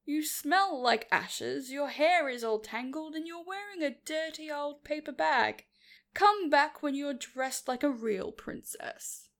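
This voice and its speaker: A woman voicing a vain, fussy young prince in a storybook read-aloud, speaking loudly and scoldingly. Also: sits high, animated, takes it slowly, exaggerated voice. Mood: snooty.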